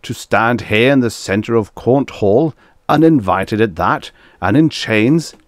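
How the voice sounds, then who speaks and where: A man's voice: low-pitched, normal speed, dry recording, clean studio sound. A man voicing a boastful, warlike alien male ruler who hoots and blusters in a storybook reading. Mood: bullying. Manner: hooting, blustering, bellowing.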